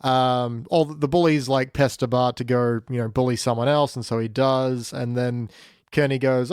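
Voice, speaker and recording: A man's voice: medium pitch, steady tone, moderate pace, a little mellow, clear, resonant tone, no echo. Male podcast co-host, mid-range voice, wry joking asides, close dry mic. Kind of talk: casual review chat.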